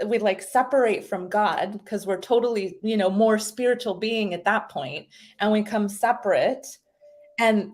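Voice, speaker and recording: A woman talking as a guest, explaining ideas in a casual, animated way and acting out little voices as she goes. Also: medium pitch. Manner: animated, acts out little voices in her stories. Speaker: guest speaker explaining identity.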